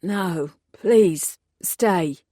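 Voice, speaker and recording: A woman voicing a frail man with a weak, croaking voice in an audiobook. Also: lowish voice, very slow, mellow, no room sound, clean studio sound. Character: frail older man in a hospital bed, shaken.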